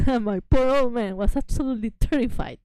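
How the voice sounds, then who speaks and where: A woman, a native Spanish speaker, chats casually while livestreaming from home as a VTuber. She's excitable and giggly and apologizes often. Her pitch is fairly high, her speed normal, and there's no echo.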